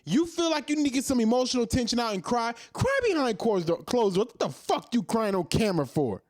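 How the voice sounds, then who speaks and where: A man's voice: very high-pitched, expressive, brisk, a little mellow, no echo, studio quality. A man in his thirties hosting a commentary show, ranting in a heated, profane monologue full of repeated rhetorical questions. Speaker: commentary host.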